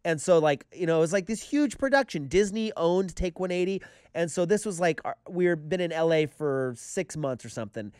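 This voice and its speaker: A man co-hosting a casual podcast chat, telling stories in an animated way and acting out what people said. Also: fairly high pitch, brisk, clear, resonant tone, no room sound, studio quality. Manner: animated storyteller, acts out quotes. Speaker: podcast co-host.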